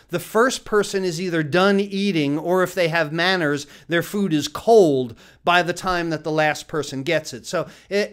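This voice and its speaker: A male chef giving a casual cooking lesson, chatty and lively, laughing often and restarting his sentences. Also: sits high, clean tone.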